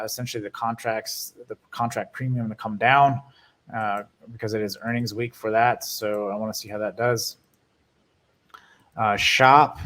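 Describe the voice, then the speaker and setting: Casting: male market-video host, monotone delivery, loose and hesitant, lots of ums. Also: medium pitch. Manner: many fillers and restarts, hedging predictions. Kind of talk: casual market commentary over charts.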